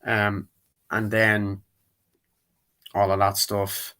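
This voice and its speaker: Rambling low-voiced man retelling a film. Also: monotone, very slow, pushed and bright. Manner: rambling, retells scenes and acts out quotes in put-on voices. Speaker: movie reviewer. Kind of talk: casual spoken movie review.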